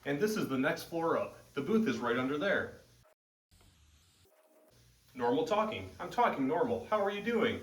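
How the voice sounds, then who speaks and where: A man's voice: a little high, sing-song, moderate pace, pauses often. A man running a sound test indoors, repeating plain, matter-of-fact test phrases, recorded from a distance. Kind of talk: casual on-location test talk. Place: indoor rooms around a house. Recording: echoey room audio from a distance.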